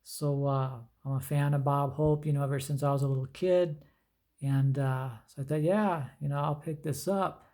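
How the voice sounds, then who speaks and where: A man's voice: fairly high pitch, moderate pace. A middle-aged man chatting casually as he shows his comic book collection, rambling with lots of fillers. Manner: rambling, relaxed storytelling with many fillers. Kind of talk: casual show-and-tell chat.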